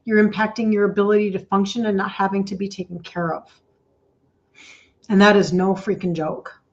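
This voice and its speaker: A woman's voice: mid-range voice, little pitch movement, normal speed, muffled recording. A middle-aged woman, a health coach hosting an emotional livestream talk, speaking emphatically with lots of repetition and greeting viewers by name.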